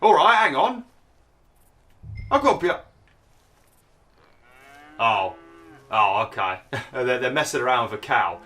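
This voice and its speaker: A man's voice: mid-range voice, very animated, measured pace, pauses often, bright, forceful tone. A man giving casual gameplay commentary, chatty and joking, laughing and exclaiming as he plays.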